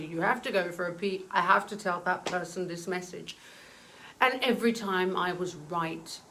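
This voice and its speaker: A woman in her forties recounts a personal story with earnest feeling. Her voice sits at an ordinary middle pitch, and she halts now and then with soft fillers. A faint hiss of noise runs under the recording. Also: rough recording. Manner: earnest, emotional, halting with fillers.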